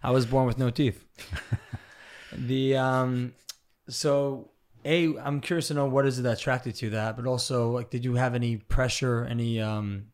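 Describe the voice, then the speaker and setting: A man hosting an interview, chatty and loose, with lots of fillers and quick agreements. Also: medium pitch, steady tone. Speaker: host, interviewer. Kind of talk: casual interview chat.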